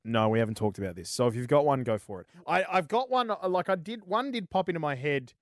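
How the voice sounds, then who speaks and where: A man's voice: fairly high pitch, lively intonation, fast talker, no echo, clean studio sound. An Australian man hosting a casual gaming podcast, rambling and swearing freely. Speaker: podcast host.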